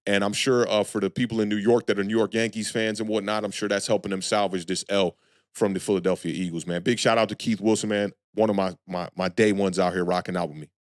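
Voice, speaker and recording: A man hosting a live sports talk stream, talking loosely and frankly to chat viewers and shouting them out. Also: lowish voice, fairly even intonation, fast talker, no room sound, studio quality. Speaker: sports channel host.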